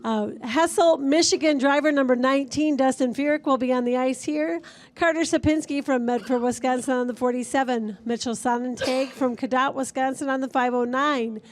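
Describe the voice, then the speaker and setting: A woman announcing a race, briskly reading out drivers' names, hometowns and numbers. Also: high-pitched, steady tone, a little hiss or hum. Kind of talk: announcing a starting lineup.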